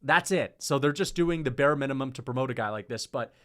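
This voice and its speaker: A man's voice: mid-range voice, fairly quick, fairly bright tone. A man giving casual, emphatic opinion commentary as a YouTube MMA commentator, with frequent "like" fillers.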